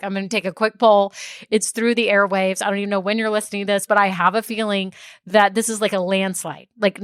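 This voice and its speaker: A woman's voice: medium pitch, fairly bright tone, clean tone, dry recording, studio quality. A woman, hosting a casual solo business podcast, chatty and laughing often as she goes on tangents. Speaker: podcast host and business coach.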